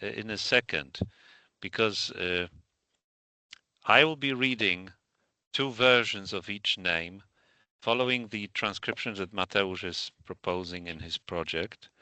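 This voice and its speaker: Bright, crisp-toned male lecturer. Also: lowish voice, a little slow, no room sound. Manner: methodical, precise. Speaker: lecturer running a pronunciation test. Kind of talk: instructional explanation. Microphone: video call.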